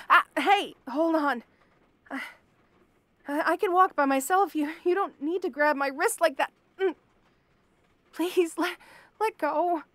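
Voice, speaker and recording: A woman's voice: on the high side, a little mellow, no room sound, lightly acted. A young woman acting a frightened captive in an audio drama, stammering and pleading. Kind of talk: audio role-play.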